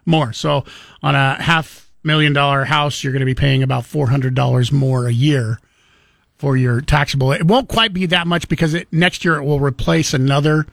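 A man hosts a radio talk show from a studio mic. His voice is a bit high for a man and sounds dry and close. He tells stories casually and acts out other people's words. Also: fairly even intonation, normal speed, vocal fry, a bit bright, dry recording. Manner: storytelling with quoted voices and chuckles.

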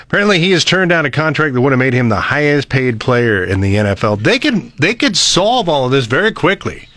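A man's voice: mid-range voice, very animated, brisk, fairly bright tone, dry recording. Midwestern radio sports guy, wry and jokey, chuckles a lot, studio mic. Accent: Midwestern American. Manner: wry, joking, chuckles while talking. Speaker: sports reporter. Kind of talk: casual radio chat.

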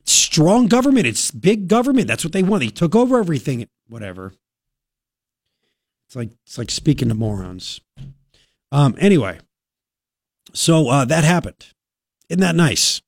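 A man's voice: fairly high pitch, sing-song, moderate pace, long pauses, no room sound. A man hosting a talk radio show, ranting with sarcastic indignation into a studio microphone.

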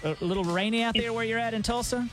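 A man co-hosting morning radio, teasing his partner in an exasperated, quick-retort way. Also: very high voice, a bit bright, soft background music. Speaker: radio co-host.

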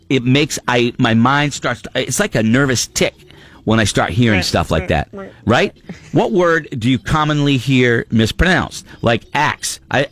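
A man hosting a casual talk show, ranting in an exasperated way. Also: medium pitch. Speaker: radio show host. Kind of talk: casual chat.

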